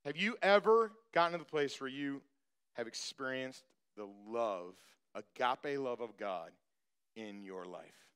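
A man's voice: medium pitch, lively intonation, a little slow, fairly bright tone, smooth. A man preaching a sermon as pastor, emphatic, repeating phrases and speaking straight to the congregation.

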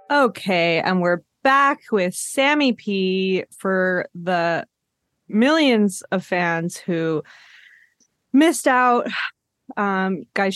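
A woman's voice: mid-range voice, no room sound, studio quality. Chatty young woman podcast host. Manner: chatty, self-deprecating, frequent "um" and "like". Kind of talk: casual chat. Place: her living room at home.

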